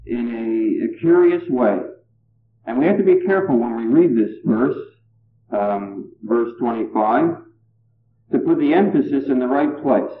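A man's voice: mid-range voice, slight background noise. Man preaching, tinny and echoey. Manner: measured Bible exposition with emphatic rises. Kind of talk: sermon.

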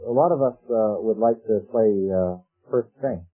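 Heard on a tinny, phone-like old radio broadcast with faint music in the background, a man with a lowish voice preaches at a moderate pace. His sermon is conversational, with rhetorical questions and lines of quoted scripture.

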